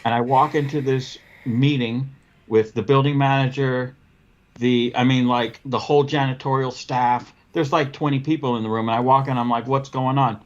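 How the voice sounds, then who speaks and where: A man hosting a casual podcast, telling a work story in an animated way and acting out the dialogue. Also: mid-range voice, normal speed, dull audio. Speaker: podcast host, window cleaning business owner.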